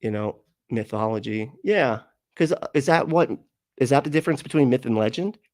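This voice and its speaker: A man's voice: medium pitch, animated, fairly quick, darkish tone, dry recording, clean studio sound. A man hosting a livestream and reading out his chat, rambling and laughing often as he swears casually.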